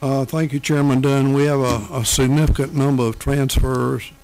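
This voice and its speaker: A man presenting finance committee items at a county council meeting, talking haltingly with many fillers. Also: medium pitch, level tone, darkish tone, poor audio.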